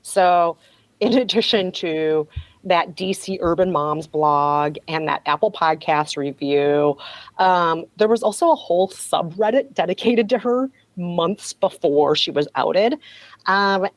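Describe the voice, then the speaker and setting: A woman's voice: fairly low pitch, dry recording, poor audio. A woman podcast host recounting a story in a wry, gossipy, casual way.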